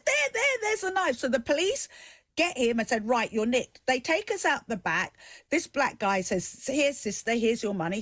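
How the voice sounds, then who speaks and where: A middle-aged woman hosting a TV talk show, with a rather high voice. She tells her story with animated emphasis, and her voice sounds close and dry, with no room echo. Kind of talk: live TV debate and personal story.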